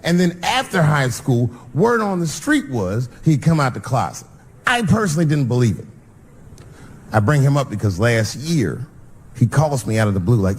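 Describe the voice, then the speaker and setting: A man performing a stand-up routine, telling stories conversationally and swooping suddenly in pitch. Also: big pitch swings, moderate pace, husky. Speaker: stand-up comedian. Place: comedy stage before a live audience. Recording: noisy live comedy room.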